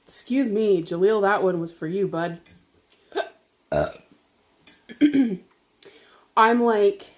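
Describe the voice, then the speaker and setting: A woman vlogger telling a personal story while eating dinner, chatty and animated, laughing often and swearing casually. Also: medium pitch, slow, pauses often. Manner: animated, talks to viewers directly.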